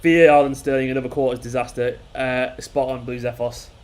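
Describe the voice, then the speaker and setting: Exasperated football fan ranting. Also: male voice, mid-range voice, flat delivery, brisk, darkish tone. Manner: exasperated, swearing, repeating himself. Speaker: fan channel host. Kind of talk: live football watchalong reaction.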